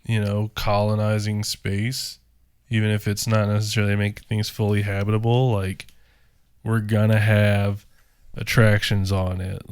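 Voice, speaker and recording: A man in low, flat casual chat, rambling through his thoughts with plenty of filler. His voice is clean and smooth, recorded dry and close. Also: dry recording. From rural area. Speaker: podcast co-host.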